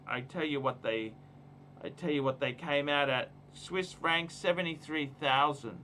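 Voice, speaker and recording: A man's voice: fairly high pitch, unhurried, pushed and bright, slight background noise. A man hosting a casual livestream, giving emphatic, repetitive, ranting advice. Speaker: livestream host.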